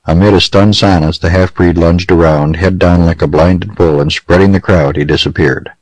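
Brief: deep male narrator, dry close studio sound, measured western storytelling. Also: fairly even intonation, darkish tone, no room sound, low-quality recording. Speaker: audiobook narrator. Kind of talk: scripted audiobook narration.

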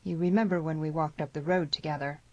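A woman's voice: deep voice, fairly even intonation, quick pace, dry recording, highs cut off. A woman voicing a grave, stern young frontier man who speaks gloomily, in an audiobook.

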